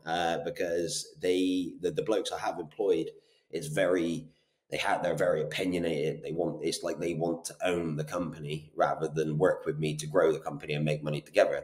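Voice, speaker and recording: A young man with a Bristol accent tells his story briskly and with energy, swearing casually. His voice sits a little low. The room gives the recording a noticeable echo. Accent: Bristol English. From Bristol, England. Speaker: guest, property business owner. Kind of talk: casual interview chat. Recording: roomy echo.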